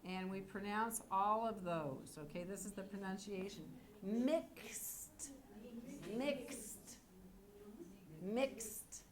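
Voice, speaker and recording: Slow, clear ESL teacher woman. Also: medium pitch. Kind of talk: classroom teaching. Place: classroom.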